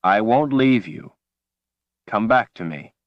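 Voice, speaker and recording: A man's voice: on the low side, slow pace, dry recording, highs cut off, voice pushed up. A man reading a desperate, pleading young man. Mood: urgent. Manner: urgent, pleading, then calm and steady. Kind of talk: audiobook character reading.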